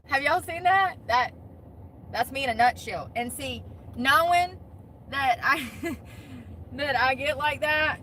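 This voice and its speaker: A woman livestreams from inside her truck, her fairly high voice bright and forceful. She rambles in a chatty, animated way, laughing often and using a slangy drawl, all picked up by her phone. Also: slow pace, pauses often, slight background noise, low-quality recording. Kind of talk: casual livestream chat.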